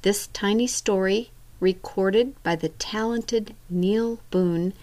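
A woman author introducing her short story in a plain, measured way. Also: medium pitch, darkish tone. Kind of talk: spoken introduction.

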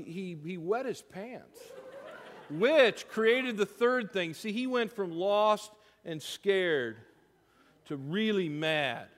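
A man preaching a sermon, telling a story to his congregation, with loud bursts and hushed asides. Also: on the high side, in a large hall. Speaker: pastor. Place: church sanctuary.

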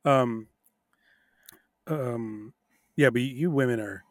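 A man's voice: medium pitch, slow, dry recording, clean studio sound. A man co-hosting a podcast, laughing and cursing as he tells stories in casual chat. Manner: laughing, profane, storytelling. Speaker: podcast co-host.

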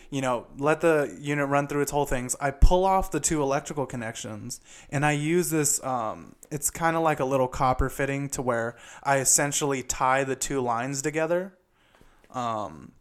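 Podcast host, male, slightly raised pitch, swears freely while venting a long story. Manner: profane, exasperated storytelling. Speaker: HVAC installer. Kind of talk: casual ranting monologue. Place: home kitchen, making pasta dough.

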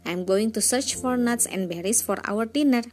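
A woman voicing a woodcutter's clever, cheerful young son, who speaks brightly and eagerly in a storybook reading. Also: a little high, moderate pace, soft background music, close to an everyday voice.

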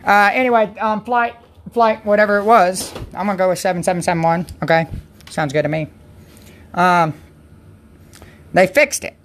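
A woman's voice: medium pitch, fairly even intonation, moderate pace, long pauses, a little hiss or hum. A woman hosting a Christian livestream, in a rambling, chatty way that keeps interrupting itself. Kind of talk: casual devotional chat.

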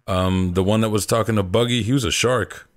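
A man's voice: fairly low pitch, fairly even intonation, brisk. A man co-hosting a podcast, making dry, musing remarks in a casual chat. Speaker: podcast co-host.

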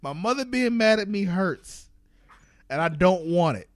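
A young man co-hosting a podcast, talking in loose casual chat with a fairly high, very lively voice that swings up and down. He laughs often and swears freely, and the sound is dry and close. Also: a little slow, dry recording. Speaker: podcast co-host.

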